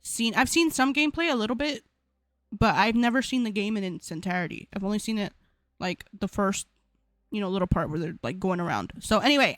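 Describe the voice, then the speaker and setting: A chatty young woman streamer talks casually to her viewers, rambling and repeating herself. Her voice sits high, and the sound is dry and close, with no room around it. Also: a bit bright, dry recording. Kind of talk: casual stream sign-off chat.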